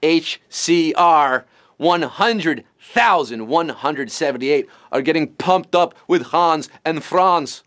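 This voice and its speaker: Taking it slowly, a man with a slightly high voice, lively intonation and fairly bright tone hosts a live trivia game. Questions come with puns and jokes in a bouncy style, plus the odd sudden silly voice.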